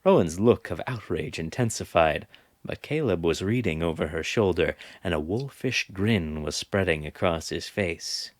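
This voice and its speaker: A man narrating an audiobook chapter in a measured, expressive way. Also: low-pitched, no room sound, clean studio sound. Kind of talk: scripted narration.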